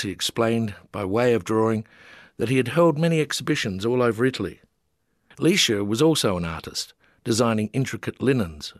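An older man reading his own travel memoir aloud in a measured, gently amused storytelling manner. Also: lowish voice, dry recording, clean studio sound. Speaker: memoir narrator.

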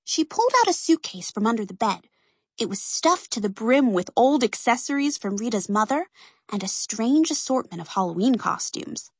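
Animated woman reading a storybook. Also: on the high side, moderate pace, husky, no echo, studio quality. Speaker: narrator.

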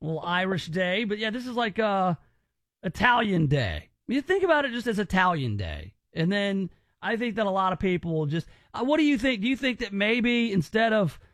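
High-voiced, teasing male radio host. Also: very animated, moderate pace, fairly bright tone, dry recording. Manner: rambling, teasing, with frequent restarts. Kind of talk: joking call-in radio banter.

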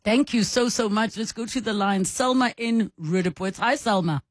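Radio host: South African woman, chatty, reads messages with quick reactions, dry studio sound. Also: medium pitch, no echo. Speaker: radio talk show host. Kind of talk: radio call-in chat, reading listener messages.

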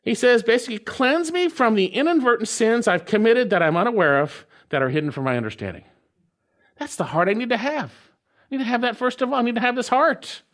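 A man preaching an expository sermon as a pastor, earnest and emphatic, repeating key phrases slowly and asking rhetorical questions. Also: very high voice, expressive, a bit bright.

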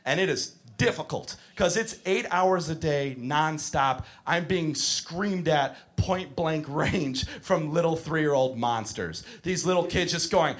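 A man doing a crude stand-up comedy set, ranting and shouting mock arguments. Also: fairly high pitch, lively intonation, unhurried, hardly any pauses.

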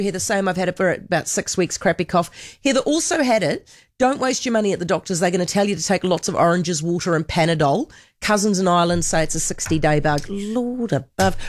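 A New Zealand woman hosting talk radio, telling stories in a chatty, animated way on a studio microphone. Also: lowish voice, no room sound. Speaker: radio host. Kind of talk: casual radio chat.

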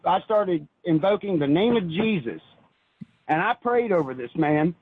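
A man calling in to a radio show and telling a personal story in an earnest, halting way, with many restarts. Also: sits high, expressive, a little hiss or hum. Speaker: caller. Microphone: phone. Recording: tinny phone line.

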